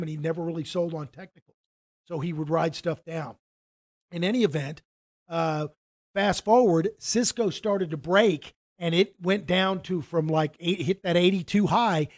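High-voiced man telling a rambling story. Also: normal speed. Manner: rambling, restarts often, acts out quoted dialogue. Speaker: financial advisor. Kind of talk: casual storytelling in a conversation.

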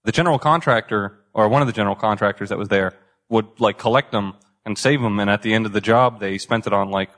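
A man's voice: on the low side, fast, fairly bright tone. A young man from the Boston area, chatting casually as a podcast guest, rambling and self-deprecating, swearing freely. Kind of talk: casual chat.

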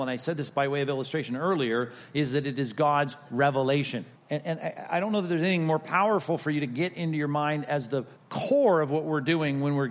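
Lively middle-aged man teaching a Bible class. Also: a little high. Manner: lively, conversational, banters with the audience. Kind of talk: classroom lecture.

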